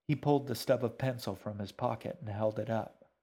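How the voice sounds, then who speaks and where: A man reading his own novel aloud in calm, measured scripted narration. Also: lowish voice.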